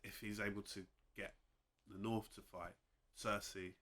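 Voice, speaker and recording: A man's voice: fairly low pitch, flat delivery, a little slow, a bit bright. A man co-hosting a laid-back, chatty discussion, with some hesitations and playful impressions. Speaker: podcast co-host. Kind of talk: casual chat.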